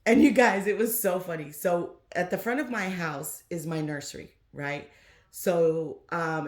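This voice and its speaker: A woman with a Southern US accent, chatting casually in a vlog from her home doll nursery and telling a story with animated energy. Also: fairly low pitch, echoey room. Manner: chatty, animated, keeps saying "you guys". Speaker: reborn doll collector vlogger.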